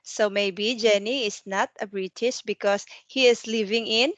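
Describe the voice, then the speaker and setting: A woman tutoring English one to one over a video call, asking patient questions and explaining slowly with some non-native grammar. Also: medium pitch, fairly even intonation, a bit bright, no echo. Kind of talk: one-to-one online English lesson.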